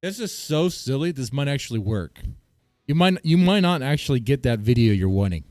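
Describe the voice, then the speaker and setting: A man's voice: medium pitch, big pitch swings, a little fast, darkish tone, no echo. A man streaming live, reacting with bemused chatter to his viewers and stammering when surprised. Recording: dry close mic with faint guitar music.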